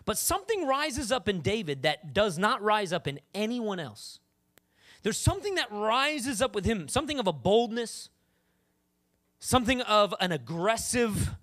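A woman preacher giving a sermon in a conversational, animated way, often acting out the voices of the people she talks about. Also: mid-range voice, unhurried.

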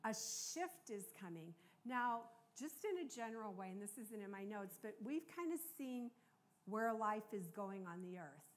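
A woman's voice: medium pitch, expressive, moderate pace. An older American woman preaching a sermon in a conversational, earnest way, often checking in with the congregation. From United States.

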